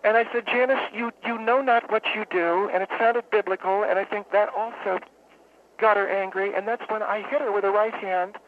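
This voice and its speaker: A woman calling in to a radio show, telling a long story in a halting, rambling, deadpan way. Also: medium pitch. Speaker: radio caller. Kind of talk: phone-in storytelling. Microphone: telephone. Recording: tinny phone line with faint hiss.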